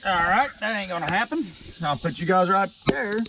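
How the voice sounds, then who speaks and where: A man's voice: high-pitched, lively intonation, normal speed. Grumbling logger man outdoors. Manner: grumbling, cussing under his breath, folksy. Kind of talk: casual talk to camera while working. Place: steep wooded hillside outdoors. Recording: outdoor noise, chainsaw and insects.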